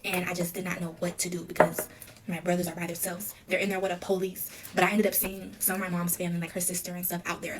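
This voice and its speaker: A young woman tells her own story in an interview, the words tumbling out quickly. Her voice sits a little low for a woman. She keeps acting out the dialogue, so the retelling stays loose and candid. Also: slight background noise. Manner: rapid, filler-heavy retelling with quoted dialogue.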